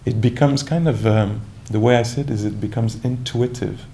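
A man giving a calm, reflective dharma talk as a meditation teacher, searching for words with many restarts and asides. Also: mid-range voice, normal speed, slight background noise.

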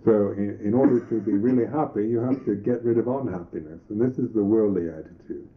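A Buddhist monk teacher giving a reflective meditation talk, pausing and restarting his phrases often. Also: fairly low pitch. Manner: slow, reflective, halting with restarts. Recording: tinny lo-fi old recording.

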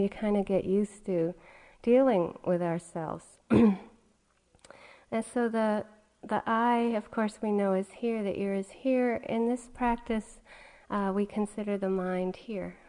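A middle-aged woman teaching meditation in a gentle, conversational dharma talk, often saying "you know". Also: medium pitch, steady tone, slow pace. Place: meditation retreat hall.

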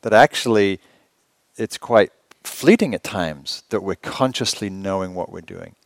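A man teaching meditation at a retreat, talking conversationally and asking rhetorical questions with gentle humor. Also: low-pitched, a little slow, creaky, no echo. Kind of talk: retreat dharma talk.

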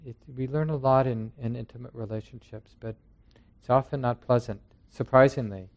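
A man's voice: mid-range voice, steady tone, moderate pace, dull audio. A man, a meditation teacher, giving a conversational, reflective dharma talk to a group in a meditation center. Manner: conversational and reflective, with acted quotes. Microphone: handheld mic passed around.

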